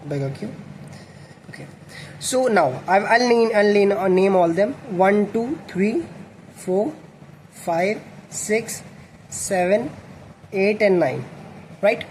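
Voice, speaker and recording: A man's voice: high voice, expressive, slow, pauses often, darkish tone. Young man explaining code aloud. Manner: thinks aloud, self-correcting with fillers. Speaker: coding tutor. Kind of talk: explaining code while writing. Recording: faint background noise.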